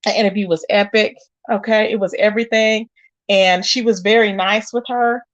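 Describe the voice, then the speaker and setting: In dull-sounding audio, a woman hosts a casual gossip livestream at normal speed. Her medium-pitched voice has fairly even intonation, yet she chats straight to her viewers and exclaims often.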